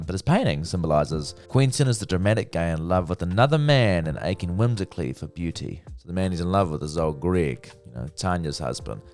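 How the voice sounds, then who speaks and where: A man giving a casual, profane, chatty review of a TV series. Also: deep voice. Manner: chatty, profane, lively retelling. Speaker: TV review vlogger.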